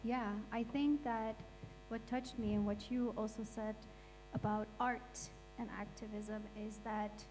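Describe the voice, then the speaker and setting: A woman's voice: fairly high pitch, fairly even intonation, a little slow, darkish tone, poor audio. A woman speaking on a panel stage, emotional and impassioned, blunt about what she feels. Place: event stage. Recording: faint mains hum.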